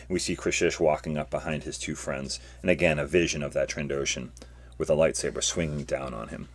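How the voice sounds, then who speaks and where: A man hosting a podcast, recapping a comic in a casual, excitable way. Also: very deep voice, a little fast, no echo. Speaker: podcast host.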